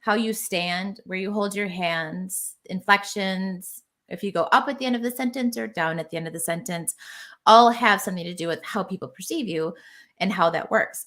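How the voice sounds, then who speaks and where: A woman guest on a business podcast, talking as a marketing strategist. Her voice is bright and forward, and she explains things with easy confidence in a casual chat. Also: medium pitch, moderate pace.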